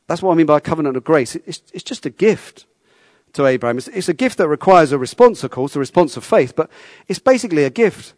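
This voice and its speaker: A man's voice: a little high, animated, normal speed, a little mellow, no echo. A man preaching a sermon in a conversational way, often repeating words and asking his listeners questions.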